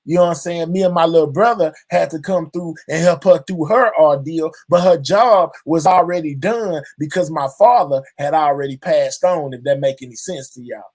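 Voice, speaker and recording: Male vlogger, higher-pitched voice, earnest, heartfelt, rambling with constant filler phrases. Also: normal speed, hardly any pauses, a little mellow. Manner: drawling, fills nearly every line with "you know what I'm saying"; earnest and reflective, speaking openly to his audience. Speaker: channel host. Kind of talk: heartfelt personal monologue to viewers.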